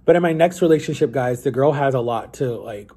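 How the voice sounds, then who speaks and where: A young man talks to his vlog audience in a loose, confessional ramble. His voice is warm and a little husky, and his sentences often loop back with "like" and restarts. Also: mid-range voice, brisk. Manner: rambling, chatty, lots of "like" and self-corrections. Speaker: vlogger. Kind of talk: casual confessional vlog talk.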